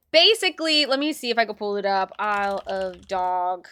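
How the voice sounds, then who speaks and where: A young adult woman streamer chatting casually to her viewers, talking to herself and swearing, sometimes loud. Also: medium pitch, expressive, normal speed, hardly any pauses, clear, resonant tone, no echo. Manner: talks to herself and to chat, swears, swings loud. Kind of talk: casual chat.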